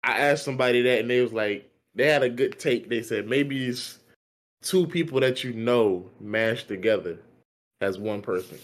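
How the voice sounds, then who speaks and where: Relaxed man musing on a podcast. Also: medium pitch, normal speed. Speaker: podcast co-host. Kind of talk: casual chat.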